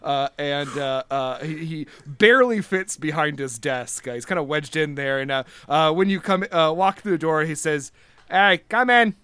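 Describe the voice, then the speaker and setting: A young man running a tabletop game as game master, narrating casually with many pauses and restarts. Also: a little high, pushed and bright, clear, resonant tone, no room sound.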